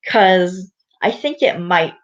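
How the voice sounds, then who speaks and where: A woman's voice: fairly low pitch, animated, slow pace. Woman reading aloud, casual, blunt, offhand, muffled lo-fi sound. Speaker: storybook reader. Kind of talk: casual read-aloud with asides. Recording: dull lo-fi recording.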